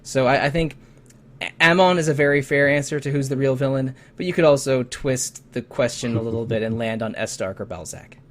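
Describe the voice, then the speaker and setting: A man's voice: mid-range voice, fairly bright tone. A man hosting a podcast, talking casually with frequent restarts and fillers. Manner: halting, many restarts and fillers. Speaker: podcast host. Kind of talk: casual chat.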